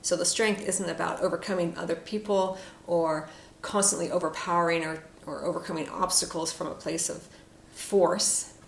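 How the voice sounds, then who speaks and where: A woman giving a casual, reflective spoken tarot reading with frequent fillers and soft asides. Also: on the low side, steady tone, normal speed, creaky, hardly any pauses. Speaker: tarot card reader. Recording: echoey room with faint noise.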